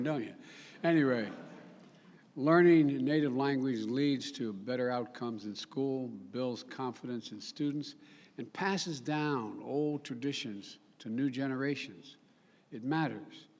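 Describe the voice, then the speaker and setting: Older male politician, mid-pitched, rambling formal speech, live in a reverberant hall. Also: a little mellow. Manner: rambling, self-correcting, folksy asides. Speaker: head of state giving a speech. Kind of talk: formal public speech with ad-libs.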